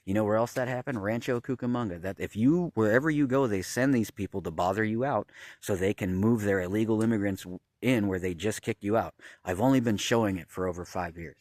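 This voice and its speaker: A man's voice: fairly low pitch, fairly quick, darkish tone, no echo, clean studio sound. A man filming a rambling, agitated vlog outdoors at a campground, swearing often and pointing things out to his viewers. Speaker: vlogger.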